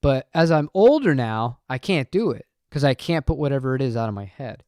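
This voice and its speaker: A channel host with a mid-range, slightly mellow voice talks a little fast with big pitch swings. He rambles chattily on a casual live stream, reading chat aloud and addressing viewers. The sound is dry and clean, studio quality.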